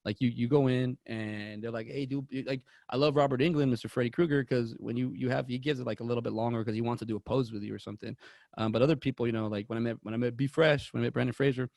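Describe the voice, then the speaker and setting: A man in his thirties chats on a movie podcast, wandering through long stories and restarting sentences. His voice is gravelly, with a fry at the edges. The sound is close and dry. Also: medium pitch, fairly even intonation, fast, darkish tone, no room sound. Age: 30s. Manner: rambling anecdotes with many restarts. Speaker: podcast co-host. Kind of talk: casual movie podcast chat.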